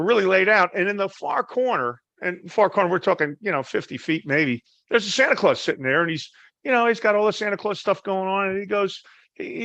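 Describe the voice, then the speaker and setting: A lively man with a high, gravelly, bright voice tells a story and acts out the people in it. The sound is dry and a bit dull. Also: no echo. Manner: animated, acts out voices in his anecdotes. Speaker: guest storyteller, Marine veteran. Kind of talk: casual storytelling.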